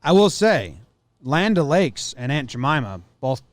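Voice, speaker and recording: A man's voice: a little high, big pitch swings, measured pace, no room sound. A man co-hosting a podcast in a studio, chatting casually with a blunt, joking manner and acting out little scenes. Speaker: podcast co-host. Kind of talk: casual chat.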